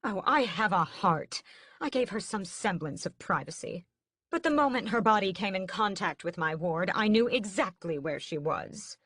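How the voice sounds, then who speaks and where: A woman's voice: lively intonation, moderate pace, a bit bright, husky, dry recording, studio quality. Woman voicing a theatrical vampire mother. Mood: grand, mocking. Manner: grand, high-pitched, swings from sobbing to gloating. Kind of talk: audiobook character voice.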